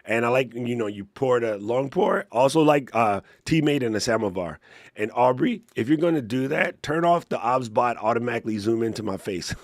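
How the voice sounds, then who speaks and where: A man hosting a live Q&A stream, playful and joking, chatting to viewers in a slightly hoarse voice. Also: medium pitch, lively intonation, normal speed, no echo. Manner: playful, joking, laughs often, reads chat aloud. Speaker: livestream Q&A host. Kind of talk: casual live-stream chat.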